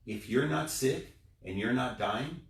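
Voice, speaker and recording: A man's voice: medium pitch, a little slow. Man telling a story in a roomy space. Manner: animated storyteller, drops quiet for quotes. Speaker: guest, business owner. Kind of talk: storytelling in a casual interview. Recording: roomy sound, distant mic.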